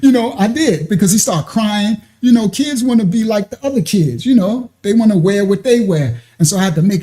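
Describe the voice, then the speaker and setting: Laughing man telling a lively story. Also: high-pitched, moderate pace. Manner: animated, laughs often, acts out quoted voices. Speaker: show host telling a personal story. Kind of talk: casual storytelling.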